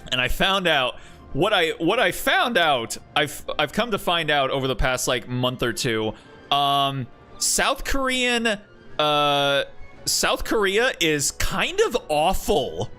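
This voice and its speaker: A laid-back young man chatting over his game stream, rambling slowly from one thought to the next with plenty of filler. His voice is bright and a little high, and faint music plays behind him. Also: sing-song. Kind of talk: casual chat while gaming.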